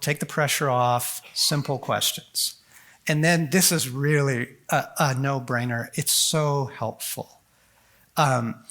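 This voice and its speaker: A man speaking at a conference on faith, animated and folksy, full of quick asides and acted-out prayers. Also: medium pitch. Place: large conference hall.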